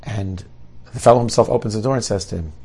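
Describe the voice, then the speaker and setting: Fast-talking gravelly man telling a story. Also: lowish voice, a little mellow. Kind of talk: oral storytelling.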